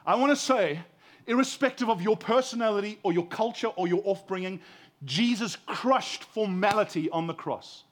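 A pastor in his forties preaches with a voice set a little higher than most men's. He moves from ringing emphasis down to soft, tender near-murmurs, often repeating a word while he gathers his point. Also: moderate pace. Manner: impassioned, swinging from loud emphasis to hushed tenderness; repeats words when building a point. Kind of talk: sermon.

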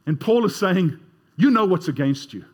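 A man's voice: high voice, animated, moderate pace, a little mellow, slightly rough. A man preaching a sermon in a conversational way, leading the congregation in call-and-response. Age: 30s or older.

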